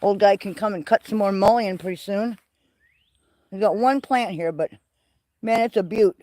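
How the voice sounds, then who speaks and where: A man hosting a livestream, walking through his greenhouse and garden and chatting in an excitable, rambling way. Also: sits high, moderate pace, dry recording, studio quality. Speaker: livestream host. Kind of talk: casual walking garden tour. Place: greenhouse and garden, partly outdoors.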